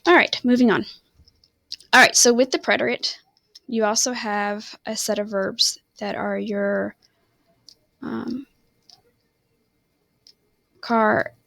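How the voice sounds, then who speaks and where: A woman's voice: on the high side, fairly even intonation, takes it slowly, gravelly, pauses often, fairly bright tone, no room sound. A woman teaching a recorded online lesson, rambling and often stopping to correct herself. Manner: self-correcting, apologetic, rambling. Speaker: Spanish teacher.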